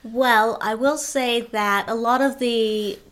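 A woman co-hosting a podcast, chatting casually and explaining things in a relaxed, matter-of-fact way. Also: fairly high pitch, takes it slowly. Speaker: podcast co-host. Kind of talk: casual chat.

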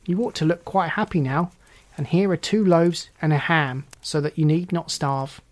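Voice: mid-range voice, moderate pace, natural voice. A storyteller voicing a wild young robber girl in a storybook reading, with blunt, commanding speech. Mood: bossy.

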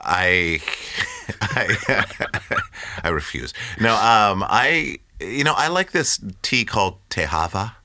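A man chatting as a guest on a podcast, animated, often slipping into playful voices. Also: fairly low pitch, takes it slowly, no echo. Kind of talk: casual chat.

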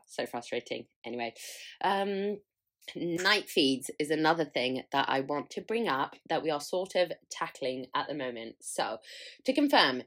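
A woman's voice: medium pitch, a bit bright. A young woman hosting a podcast, chatting candidly with a frank, sweary, self-mocking manner and frequent laughter. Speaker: podcast host. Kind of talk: candid solo chat.

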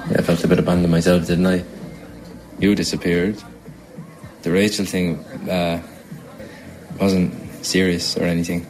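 A man's voice: low voice, flat delivery, measured pace, long pauses, a little mellow, a little hiss or hum, poor audio. An awkward, mumbling young man. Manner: mumbled, hesitant.

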